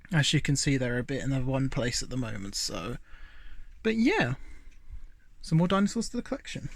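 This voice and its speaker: Indoors with a handheld phone, a man gives a chatty, meandering tour of his collectibles, packed with fillers and asides. His voice is fairly high-pitched, with no room sound.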